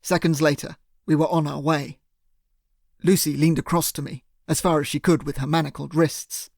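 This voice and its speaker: A man reads a first-person audiobook in a steady, measured way. His voice sits a little high with a gravelly rasp, and the recording is close and bone-dry. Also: no echo. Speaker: audiobook narrator.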